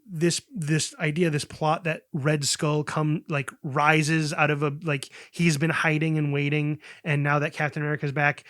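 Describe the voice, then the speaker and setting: A man's voice: fairly high pitch, level tone, moderate pace, hardly any pauses, fairly bright tone, no room sound, studio quality. A man co-hosting a casual comedy podcast, stumbling through many fillers and restarts. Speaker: podcast co-host.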